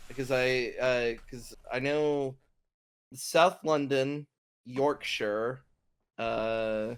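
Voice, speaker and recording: A man's voice: mid-range voice, smooth. Laughing man chatting on a podcast. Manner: animated, laughing, quick restarts. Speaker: podcast co-host. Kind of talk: casual group chat.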